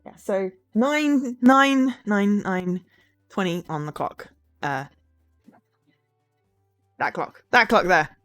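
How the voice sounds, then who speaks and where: A woman's voice: mid-range voice, slow pace, long pauses, a bit bright, faint music behind. Chatty woman streaming. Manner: chatty and rambling with many ums. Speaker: charity gaming streamer. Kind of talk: live-stream chat.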